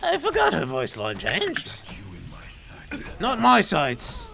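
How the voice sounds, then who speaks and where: Brief: young male gamer, high lively voice, loud and profane, joking in character. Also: slow pace, creaky, background noise. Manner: loud, crude and swearing, with over-the-top shouting outbursts. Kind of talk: profane in-character gameplay banter.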